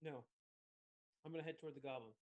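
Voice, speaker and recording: A man's voice: medium pitch, quick pace, darkish tone, muffled recording. A man playing a tabletop game, thinking aloud and changing his plan as he talks. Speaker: player. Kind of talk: casual chat at a game table.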